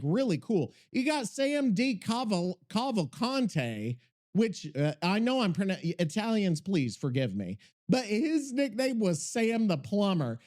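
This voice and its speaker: A man hosting a podcast, talking in an excitable, rambling, profane way. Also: high-pitched. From Missouri. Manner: excitable, rambling, heavy swearing. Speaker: podcast host. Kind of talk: casual podcast chat.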